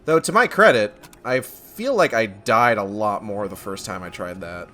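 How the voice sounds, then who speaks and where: A man's voice: fairly low pitch, expressive, moderate pace, sharp tone, faint music behind. A man giving casual, sarcastic commentary while playing a horror game, swearing often. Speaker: gamer. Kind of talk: let's play commentary.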